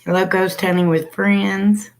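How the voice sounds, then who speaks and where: A woman's voice: medium pitch, flat delivery, a little slow, creaky, a little hiss or hum. A woman hosting a casual livestream, chatting and greeting viewers by name over a computer mic. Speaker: livestream host.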